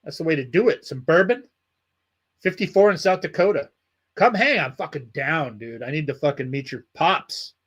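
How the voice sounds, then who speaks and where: Reading viewer comments aloud, this livestream host chats casually in a slightly high voice at a moderate pace, his loose talk thick with profanity. The recording has its highs cut off.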